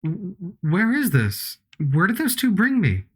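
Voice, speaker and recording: A frightened young girl squeals for help in a high, breathless voice, as a man puts her on while reading game dialogue. She sounds panicked and thin, as though barely holding herself together. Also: wildly swooping pitch, a little slow, husky, full character voice. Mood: relieved, dazed.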